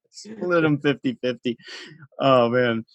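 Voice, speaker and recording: A man hosting a podcast, chatting casually with a guest, upbeat and quick to laugh. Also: on the high side, a little mellow, slightly rough, dry recording, lo-fi sound. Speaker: podcast host. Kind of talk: casual interview chat.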